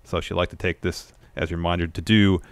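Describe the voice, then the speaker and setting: A man co-hosting a podcast, calmly summarizing a wrestling show in a low-key, matter-of-fact way. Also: brisk. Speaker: podcast co-host. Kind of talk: casual wrestling recap.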